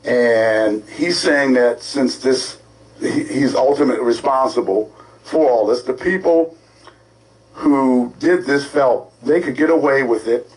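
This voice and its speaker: A male co-host from ranting in an animated, scolding, sarcastic way on a talk show. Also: mid-range voice, a little slow, poor audio. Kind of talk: opinionated talk-show rant.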